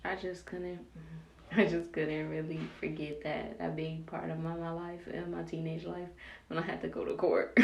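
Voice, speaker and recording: Chatty young woman with a gravelly voice. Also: deep voice, moderate pace. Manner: animated, acts out quoted voices, slangy and candid. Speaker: vlogger. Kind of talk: casual storytelling while doing her hair. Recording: roomy echo with faint background noise.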